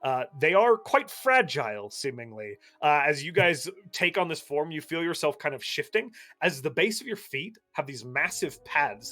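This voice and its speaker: A man with a medium-pitched voice narrates a tabletop role-playing game as game master. He describes scenes in a relaxed way, using frequent fillers.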